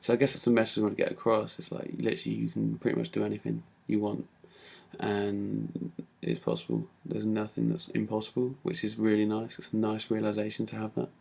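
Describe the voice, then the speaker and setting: A man tells his own story in a casual, unpolished way, pausing often on fillers. His voice sits low and has a gravelly, creaky edge. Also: completely flat delivery, dark tone. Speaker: speaker giving a talk. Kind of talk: personal story talk.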